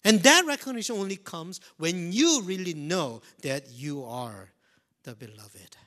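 A man preaching a sermon, swinging from loud emphasis to hushed near-whispers and repeating key phrases slowly. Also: sits high, lively intonation. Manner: slow, deliberate delivery with repetition.

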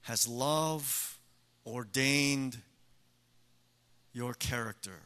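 Slow, bright-voiced older preacher. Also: male voice, mid-range voice, clean tone. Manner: measured, with emphatic rhetorical questions. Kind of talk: sermon.

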